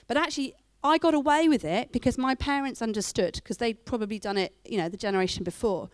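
A middle-aged woman giving a church talk, telling stories with lively acted-out quotes. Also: a little high, quick pace, few pauses, no echo. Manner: animated storytelling with acted-out quotes. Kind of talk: sermon.

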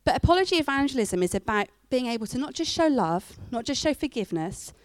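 Brit woman preaching, kinda high voice, tells stories animated, dry close sound. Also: quick pace, no echo. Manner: animated storytelling with acted-out quotes. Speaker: speaker giving a church talk. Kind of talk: sermon.

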